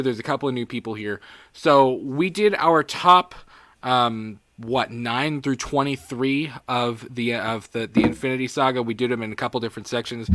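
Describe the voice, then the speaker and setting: Bright-voiced giggly male co-host. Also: medium pitch, a little hiss or hum. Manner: giggly, reads chat aloud, sentimental. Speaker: podcast co-host. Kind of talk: casual live-stream chat.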